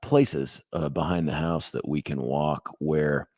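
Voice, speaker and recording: Male radio host with a low voice, dry studio sound, wry and jokey, casual chat. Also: steady tone, unhurried, darkish tone, dry recording. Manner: wry, joking asides. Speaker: radio talk show host.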